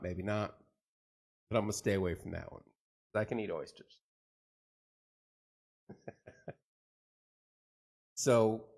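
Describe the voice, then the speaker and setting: A middle-aged man hosting a casual live chat, joking and rambling as he tells stories and greets viewers. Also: lowish voice. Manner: joking, rambling, animated storytelling. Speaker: host of a live chat show.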